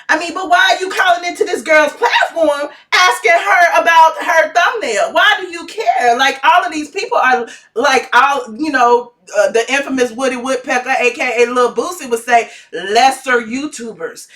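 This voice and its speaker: A woman giving sassy, dramatic gossip commentary in a vlog, her voice swooping into high shouts. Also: normal speed, distant mic. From Atlanta, USA. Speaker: gossip vlogger.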